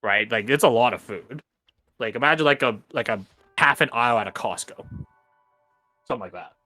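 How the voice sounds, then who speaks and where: A man leads a tabletop game as its game master, narrating in an easygoing, meandering way. His tone is bright and forceful at a middling pitch. Faint music sits in the background. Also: animated, brisk. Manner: casual, rambling, heavy on filler words.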